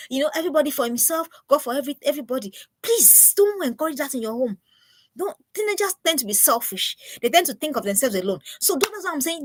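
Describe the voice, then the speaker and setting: A woman giving an earnest, preachy live talk to parents, often repeating herself. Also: high voice. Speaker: parenting speaker.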